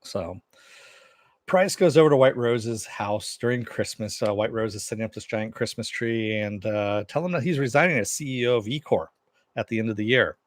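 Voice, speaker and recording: A man's voice: on the low side, normal speed, no echo. A man reviewing a TV series, retelling an episode's scenes in a loose, casual way, paraphrasing the dialogue and filling gaps with "uh" and "kind of thing".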